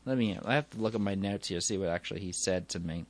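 A man's voice: deep voice, fast talker. A man telling a personal anecdote in a meandering way, correcting himself often and chuckling as he goes. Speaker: storyteller.

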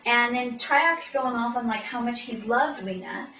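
A woman's voice: on the high side, unhurried, pushed and bright, a little hiss or hum. A woman co-hosting a comic podcast, recapping a fantasy novel chattily with lots of fillers. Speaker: podcast co-host. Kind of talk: comic book-club recap. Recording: echoey room, mic far off.

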